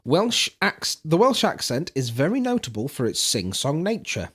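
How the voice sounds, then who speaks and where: A man's voice: a little high, huge pitch swings, normal speed, fairly bright tone, husky. A man co-hosting a casual podcast, reading out instructions step by step and teasing his co-host with casual swearing.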